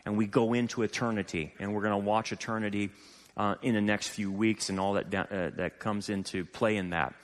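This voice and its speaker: A man preaching a sermon as pastor, animated and full of rhetorical questions to his congregation. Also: lowish voice, moderate pace. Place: church sanctuary. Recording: long hall reverb.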